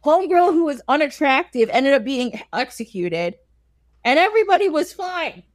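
High lively woman storyteller, slangy and laughing, dry close sound. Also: moderate pace, dry recording. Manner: animated, laughs often, slangy asides. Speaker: storyteller guest. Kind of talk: casual comic retelling of a fairy tale.

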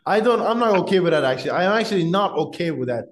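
Male podcast host: blunt, casual swearing, slightly high voice. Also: expressive, fast talker.

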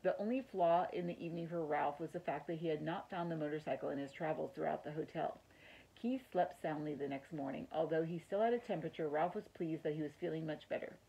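Low, gravelly woman reading a chapter book. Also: mellow, rough recording. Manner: friendly, explains words. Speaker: teacher reading to a class. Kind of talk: read-aloud storytelling.

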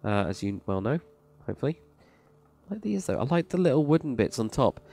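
With faint music in the background, a man reviews Minecraft server plots, walking through a build with casual, excited, rambling remarks and lots of praise. His mid-range voice is sing-song, gravelly and mellow, and he talks fairly quickly.

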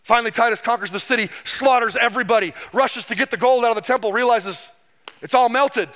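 A middle-aged man preaching a sermon as pastor, telling history as a lively story and acting out the people he quotes. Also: extremely high pitch, fast talker.

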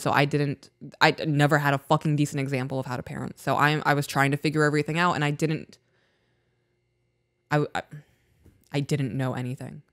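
A woman's voice: sits low, no room sound, clean studio sound. A woman co-hosting a relationship podcast, reading listener emails and talking candidly about parenting. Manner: candid, self-reflective, agreeable with many backchannels. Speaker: podcast co-host.

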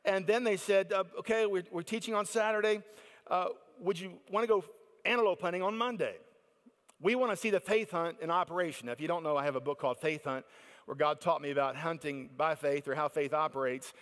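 Animated male preacher in a big hall. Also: on the high side, fairly quick. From United States. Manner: animated storyteller acting out others' excited voices. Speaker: conference speaker. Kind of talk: storytelling sermon.

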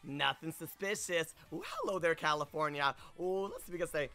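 A man's voice: on the high side, fairly quick, pushed and bright. A young man live-streaming a game, bubbly and effusive, greeting viewers in a sing-song way.

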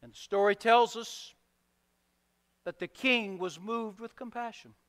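A man's voice: high-pitched, unhurried, a bit bright, clean tone. A male pastor preaching a sermon, retelling a parable vividly and emphatically in a church sanctuary. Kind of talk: sermon storytelling. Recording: long church hall reverb.

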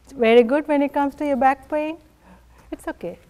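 A woman yoga instructor guiding a family class in a gentle, encouraging way, often laughing softly. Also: sits high, moderate pace.

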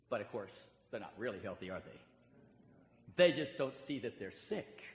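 A man's voice: sits high, animated, normal speed, long pauses. A man preaching a sermon in a large church hall, emphatic, acting out the voices of hurt believers. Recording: echoey hall, dull lo-fi sound.

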